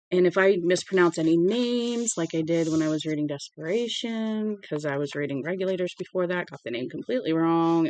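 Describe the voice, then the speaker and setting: An amateur audiobook reader giving a casual read-aloud with chatty asides, stumbling on words and correcting them out loud. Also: medium pitch, no echo. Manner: conversational and unpolished.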